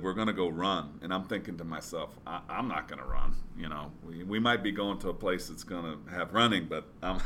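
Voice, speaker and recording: A man's voice: low voice, pushed and bright, a little hiss or hum. A man telling a motivational story in a casual, rambling way, with lots of fillers and restarts. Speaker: business speaker.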